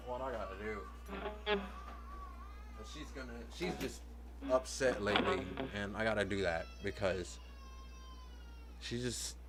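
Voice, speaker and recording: Rambling, philosophizing man vlogger. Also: medium pitch. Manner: rambling, philosophizing, repeats himself. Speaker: vlogger and parent. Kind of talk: casual rambling monologue.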